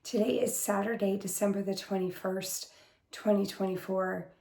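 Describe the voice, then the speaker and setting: Hoarse woman chatting in an echoey room. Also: mid-range voice, little pitch movement, moderate pace, mellow. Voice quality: smoky, husky. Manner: rambling, chatty, full of fillers. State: hoarse, getting over an illness. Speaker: cross-stitch video host. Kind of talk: casual chat to camera.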